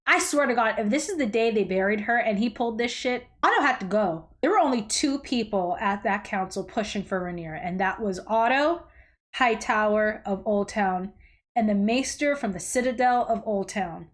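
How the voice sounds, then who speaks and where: A woman hosting a reaction video, blunt and animated, swearing freely and exclaiming as she chats. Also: mid-range voice, moderate pace. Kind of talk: casual reaction commentary.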